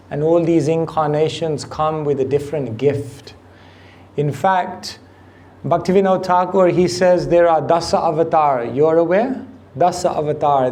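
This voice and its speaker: In a temple hall, a spiritual teacher gives a devotional class, speaking unhurriedly, quizzing the audience with questions and chuckling easily. His voice sits on the high side with a dark tone.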